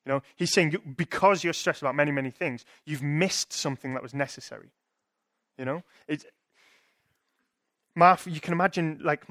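A young man preaches in a chatty, thinking-aloud way, often restarting and checking in with his listeners. His voice sits a little high for a man. The sound is dry and close, with no room around it. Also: fairly bright tone, no echo. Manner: conversational, thinking aloud with frequent restarts and rhetorical "right?". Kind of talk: sermon.

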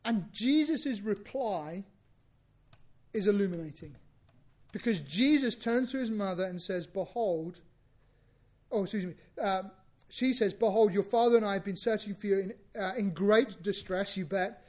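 Higher-voiced man preaching. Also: measured pace. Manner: animated, acts out biblical dialogue, repeats himself. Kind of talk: sermon.

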